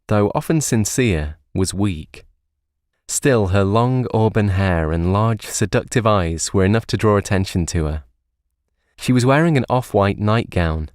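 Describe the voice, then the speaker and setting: A man calmly narrating an audio story in a measured way. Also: on the low side, dry recording, studio quality.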